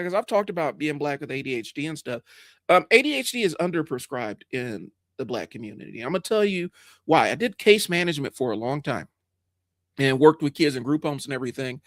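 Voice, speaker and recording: A man's voice: fairly high pitch, dry recording, clean studio sound. A man with a head cold hosting a live stream, talking frankly in a rambling way, with fillers, restarts and the odd swear. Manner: frank, rambling with many fillers and restarts, greets chat viewers; swears when angry. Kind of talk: casual live stream monologue.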